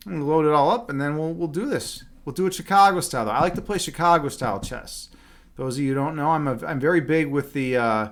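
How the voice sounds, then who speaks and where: A man chatting casually on a livestream as a chess instructor. He rambles and fills his talk with "like" and "you know". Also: on the high side. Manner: talks loudly at times.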